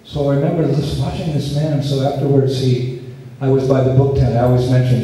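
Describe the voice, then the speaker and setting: A man giving a scripture lecture at a festival, telling a story in an unhurried, earnest way with quoted dialogue. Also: mid-range voice, little pitch movement, warm tone, slight background noise. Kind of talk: storytelling sermon. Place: festival lecture venue, distant mic. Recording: echoey hall, speaker far from mic.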